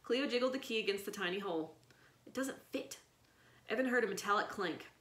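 A woman reading a children's chapter book aloud in an expressive storytelling manner. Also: medium pitch, fast. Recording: echoey room.

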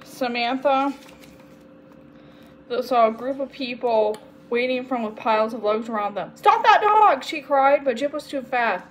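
Woman reader, children's book, slightly high voice, faint hum behind. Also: normal speed, pauses often, low-quality recording. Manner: steady reading with small slips and self-corrections. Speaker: storyteller. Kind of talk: reading a children's chapter book aloud.

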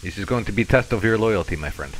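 A man's voice: on the low side, lively intonation, quick pace, a little hiss or hum, lightly acted, poor audio. A man voicing a swaggering, threatening male stalker in a thick, put-on fake Russian accent during game role-play.

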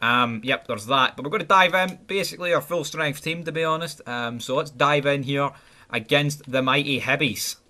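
A young Scottish man doing sweary, excitable mock football commentary over a video game, mumbling asides and yelling at chances. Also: fairly high pitch, normal speed. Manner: excitable, sweary, jumps from mumbling asides to yelled goal calls. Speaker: gaming YouTuber.

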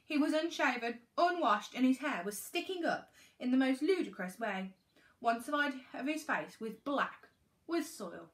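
An English woman, a primary school teacher, reading a storybook aloud to young children with animated expression. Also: sits high, measured pace.

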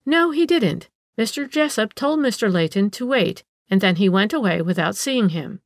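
A woman voicing a pert, sharp-tongued young woman in a storybook reading, with retorts that are acid and quick to answer back. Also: mid-range voice, expressive, no echo, studio quality, natural voice.

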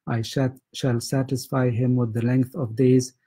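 Dark, husky man reading church prayers. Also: mid-range voice, unhurried, poor audio. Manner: steady, even recitation with repeated chanted responses.

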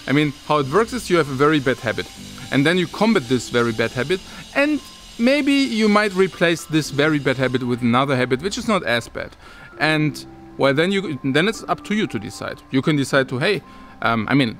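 A man vlogger talks casually to the camera for his viewers, rambling, restarting sentences, and chuckling now and then. His voice is medium-pitched and a bit bright.

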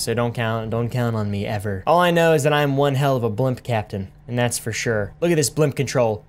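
A young man giving rambling, self-mocking gameplay commentary with plenty of swearing. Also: a little high. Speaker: gaming YouTuber.

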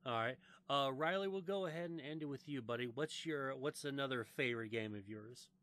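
Rambling, swearing American podcast host. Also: male voice, medium pitch, a little fast, fairly bright tone. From United States. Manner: rambling, profane, many restarts and fillers. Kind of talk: casual gaming podcast chat.

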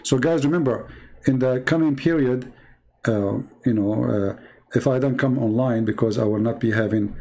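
A man's voice: medium pitch, normal speed, warm tone. A man from the Middle East whose native language is Arabic, hosting a live stream in English with an Arabic accent and mocking his opponent sarcastically. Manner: broken English grammar. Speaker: host.

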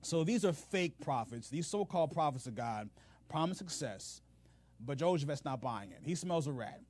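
A man hosting a faith podcast, retelling scripture in an animated, humorous way with casual slang. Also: a little high, moderate pace, no echo. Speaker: podcast host, Bible teacher. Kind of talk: casual Bible teaching.

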